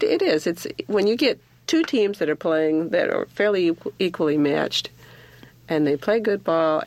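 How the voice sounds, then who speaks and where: Gravelly plainspoken umpire. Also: male voice, high-pitched. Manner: plainspoken, firm. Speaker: softball umpire. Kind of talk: casual radio discussion.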